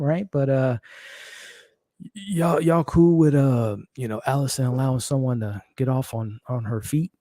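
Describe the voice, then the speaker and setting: Male streamer, rambling and animated, warm mellow tone, dry close-mic sound. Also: medium pitch, moderate pace, dry recording. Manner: animated, rambling, talks straight to the chat. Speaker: host of a live aftershow stream. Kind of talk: excited casual livestream commentary.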